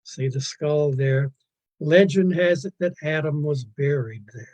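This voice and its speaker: A man's voice: a little high, a little slow, darkish tone, rough recording. A man lecturing on paintings in a virtual museum talk, wandering off on asides, restarting his sentences and poking fun at himself. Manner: digressive, self-deprecating, stumbling restarts. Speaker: art lecturer.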